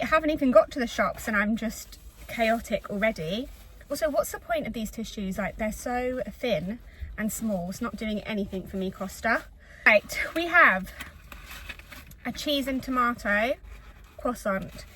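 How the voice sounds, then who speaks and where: A chatty woman from England talks to her phone camera from inside her parked car. Her voice sits a little high, and her talk is rambling and self-deprecating. A faint hum runs underneath. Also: normal speed, a bit bright, rough recording. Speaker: vlogger. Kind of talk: chatty shopping vlog. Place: in her car in a retail park.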